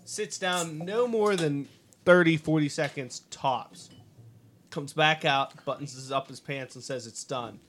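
A young man telling a gross school story on a podcast with friends, excited and swearing. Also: a little high, unhurried, slight background noise. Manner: excited, amused, profane. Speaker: podcast co-host. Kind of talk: casual storytelling among friends.

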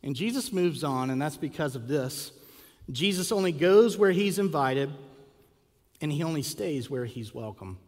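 Preacher telling a story in a reverberant church. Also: male voice, on the high side, moderate pace. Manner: animated storytelling with acted quotes and rhetorical questions. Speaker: pastor. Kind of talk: sermon. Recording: long hall reverb.

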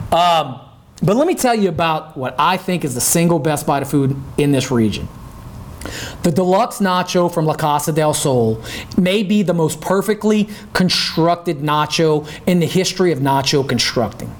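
A middle-aged man, chatting casually as the host of his own show. His voice sits a little higher than most men's, and he talks in a folksy, emphatic way, punching his points and tossing in "right?" to keep listeners with him. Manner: folksy, emphatic, keeps asking "right?" and "okay?". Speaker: podcast host. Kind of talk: casual chat.

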